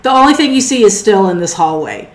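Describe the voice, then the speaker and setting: A woman narrates as game master, laying out scenes at an easy pace with small fillers. Her voice sits at an ordinary pitch, and the room around her rings a little. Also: a little fast, reverberant. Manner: relaxed, descriptive, with fillers.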